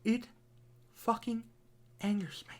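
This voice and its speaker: A young man in his twenties giving an angry, profanity-filled game critique, repeating himself, swinging between loud outbursts and low, bitter muttering. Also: fairly even intonation, slow. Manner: furious, profane, repetitive ranting.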